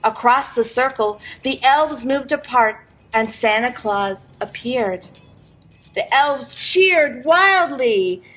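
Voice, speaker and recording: A woman reading a picture book aloud in an expressive storytelling manner for a library program. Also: on the high side, slow, soft background music.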